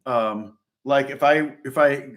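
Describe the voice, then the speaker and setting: A man's voice: medium pitch, takes it slowly. A middle-aged man from Indiana, a guitar teacher rambling through a casual lesson chat, chuckling and restarting often. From Indiana, USA.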